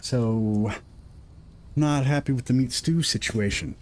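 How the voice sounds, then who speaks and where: A man's voice: mid-range voice, slow pace, long pauses, darkish tone, a little hiss or hum. A middle-aged man hosting a live gaming stream, rambling and self-deprecating as he talks through his progress into a desk microphone at home. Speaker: gaming livestream host. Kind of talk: live gameplay commentary.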